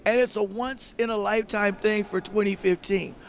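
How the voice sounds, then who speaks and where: A man's voice: high-pitched, steady tone, moderate pace, gravelly. A man hosting a casual interview at an expo, upbeat and chatty as he promotes the event. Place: busy expo floor.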